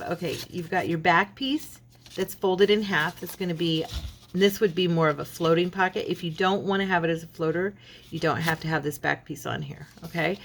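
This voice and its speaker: A woman's voice: lowish voice, a little hiss or hum. A woman hosting a casual craft tutorial, talking while she folds and shows paper, often checking in with "okay". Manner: chatty, many "okay"s, talks while folding and showing paper. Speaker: craft video host.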